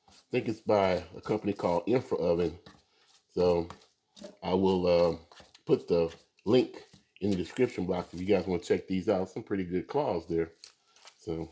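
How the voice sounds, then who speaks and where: A man hosting a casual barbecue video, talking viewers through shredding and tasting pork with an easygoing, filler-filled delivery. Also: low-pitched. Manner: relaxed, talks to viewers with many fillers. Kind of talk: casual cooking demonstration.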